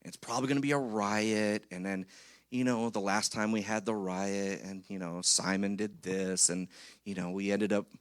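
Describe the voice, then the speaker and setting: A preacher acting out fretful pleading disciples. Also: male voice, lowish voice, steady tone, normal speed, no echo, close to an everyday voice. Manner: hesitant, pleading, talking himself around. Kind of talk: acted quote in a sermon.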